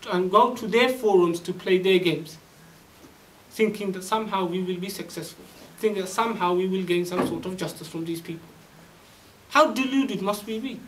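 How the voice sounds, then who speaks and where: A man's voice: sits high, normal speed, distant mic, poor audio. A man giving a religious lecture, preaching emphatically with rhetorical questions and quoted Arabic scripture. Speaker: Islamic preacher.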